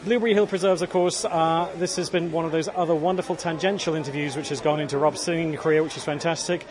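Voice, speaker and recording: A man's voice: on the high side, steady tone. A man hosting a radio show outdoors, teasing and joking with his guests. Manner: jokey, teasing, quick-talking. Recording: busy outdoor crowd behind.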